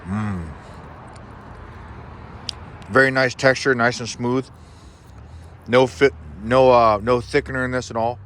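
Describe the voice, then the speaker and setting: A man with a mid-range, fairly bright voice hosts a cooking channel vlog from an outdoor kitchen, chatting casually as he cooks. His tone stays steady and laid-back, offhand and wry, and he speaks slowly with frequent pauses. There's slight background noise.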